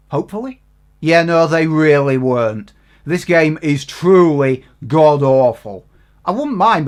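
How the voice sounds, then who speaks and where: Sweary man with a lively voice. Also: sits high. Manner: exasperated, sweary and sarcastic. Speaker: game reviewer. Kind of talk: ranting game review.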